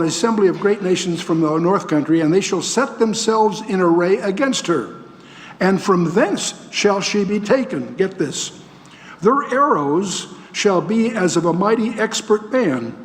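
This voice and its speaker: A man's voice: sits high, in a large hall. An older man giving a Bible lecture to a live audience, folksy, asking the room questions and dropping dry asides. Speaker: Bible teacher.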